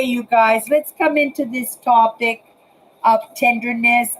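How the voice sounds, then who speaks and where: An older woman chats into her webcam from her apartment, unhurried and rambling, circling back over her own words. Her voice sits a touch high, with a faint hum underneath. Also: rough recording. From Canada. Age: 60s. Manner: rambling, repeats words, addresses viewers directly. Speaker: vlogger. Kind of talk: casual talk to camera. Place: apartment, indoors.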